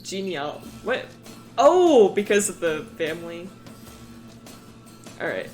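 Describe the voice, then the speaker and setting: A woman's voice: fairly low pitch, unhurried, faint music behind. A woman streaming casually, rambling about her worldbuilding with frequent laughter and swearing.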